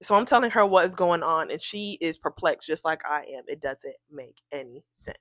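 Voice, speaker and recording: A woman telling a storytime tale in an animated, incredulous way, acting out the people she quotes. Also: low-pitched, moderate pace, no echo. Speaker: storytime vlogger. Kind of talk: casual storytime.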